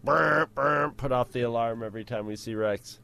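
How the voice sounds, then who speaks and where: A man co-hosting a podcast in casual chat, animated and often laughing. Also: medium pitch, moderate pace, gravelly. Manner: animated, laughing, stumbles on restarts. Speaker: podcast co-host.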